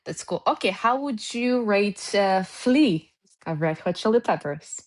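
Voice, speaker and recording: A woman's voice: medium pitch, lively intonation, a little slow. A woman in a mid-range voice hosts a casual interview. She asks questions with eager enthusiasm and reads out queries from her audience. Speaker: interview host.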